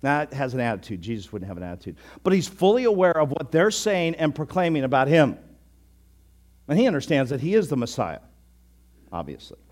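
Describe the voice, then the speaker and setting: Animated preacher with a lively voice. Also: male voice, on the high side, a little fast. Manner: conversational, animated, sudden bursts of emphasis. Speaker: pastor. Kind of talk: sermon.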